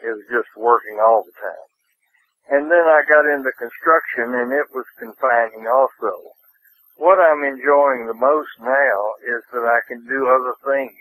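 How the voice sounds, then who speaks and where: An older man from Nashville, telling stories as an interview guest in an unhurried, rambling way. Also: mid-range voice, fairly bright tone, low-quality recording. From Nashville, Tennessee. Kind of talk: casual interview.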